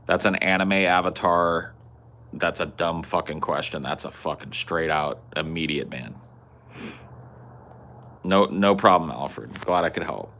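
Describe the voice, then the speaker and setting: A man's voice: deep voice, a little slow, sharp tone, slight background noise. A man hosting a podcast in casual chat, joking, swearing a lot and laughing often. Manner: profane, jokey, laughs often. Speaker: podcast host.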